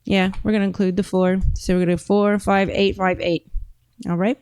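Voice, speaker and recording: A woman's voice: mid-range voice, flat delivery, a little fast, a little mellow, clear, resonant tone, no echo. A woman podcast host chatting casually and thinking aloud as she browses and reads comments out, her accent drifting between a British-tinged and a Southern sound. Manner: rambling, thinks aloud with fillers.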